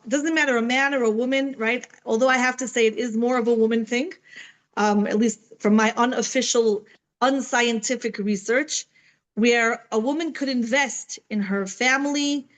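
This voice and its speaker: A woman's voice: fairly high pitch, poor audio. Chatty woman teaching Torah. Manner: conversational, many fillers and "right?" asides. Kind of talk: online Torah class. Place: at home.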